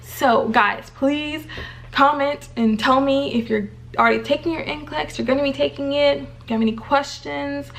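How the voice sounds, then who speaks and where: A woman's voice: sits high, normal speed, creaky, a bit bright, a little hiss or hum. A young woman in her twenties, a nurse vlogger chatting casually to her viewers in a bubbly, encouraging way. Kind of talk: casual chat to camera.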